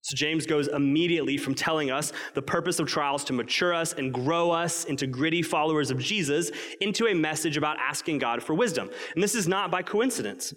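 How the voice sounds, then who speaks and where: A man with a fairly high voice preaches a sermon in a large hall, and the long reverb trails after his words. He is earnest and emphatic, slowing right down on the points he wants to land. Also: fairly bright tone. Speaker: pastor.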